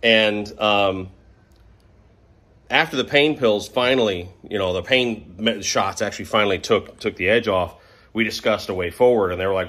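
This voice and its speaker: A man's voice: fairly low pitch, moderate pace, fairly bright tone. A middle-aged man casually telling a rambling, self-mocking story about a motorcycle crash, perking up when he quotes other people. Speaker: motorcycle vlogger.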